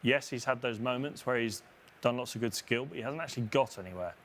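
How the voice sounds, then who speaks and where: A man co-hosting a football watchalong, calmly explaining tactics and substitutions in casual talk. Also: mid-range voice, quick pace, slight background noise. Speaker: watchalong co-host, tactics pundit.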